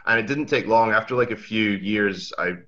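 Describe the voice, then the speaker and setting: A young man from Switzerland, a native Swiss German speaker, with an Aberdeen Scottish accent and American traces, chatting as a guest in a relaxed way with many restarts. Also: fairly low pitch, moderate pace. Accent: Aberdeen Scottish mixed with Swiss and American traces. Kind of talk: casual interview chat. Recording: dull lo-fi audio.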